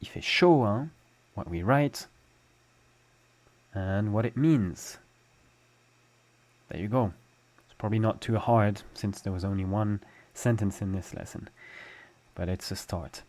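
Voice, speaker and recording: A man's voice: on the low side, measured pace, long pauses, a little mellow. French man teaching a language lesson. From France. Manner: patient, explains step by step with examples.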